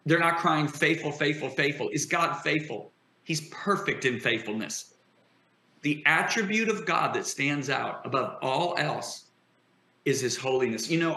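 A man talks like a fervent preacher, emphatic and driving. His voice is bright and forceful. The sound bounces around an echoey room. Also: fairly high pitch. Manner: emphatic, builds to impassioned declarations. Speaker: guest preacher.

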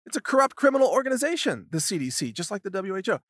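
Racing along in a high, sing-song voice, a male podcast host delivers an indignant, sarcastic solo commentary, staging mocking hypothetical exchanges. The studio-quality audio has no room sound.

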